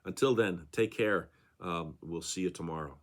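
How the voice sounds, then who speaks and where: A man's voice: low-pitched, moderate pace. A male pastor giving a conversational daily devotional talk, with frequent fillers and tag questions.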